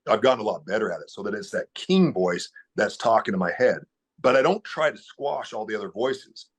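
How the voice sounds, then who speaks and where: A man's voice: fairly low pitch, lively intonation, fairly quick, husky. A man speaking as a podcast guest in casual conversation, earnest and blunt, with casual swearing.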